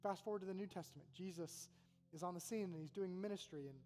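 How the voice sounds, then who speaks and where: A college pastor preaches in a large Oxford hall before an audience, speaking fast in a high-pitched, slightly mellow voice. His manner is earnest and conversational with repeated phrases, and the hall echoes over a faint hum.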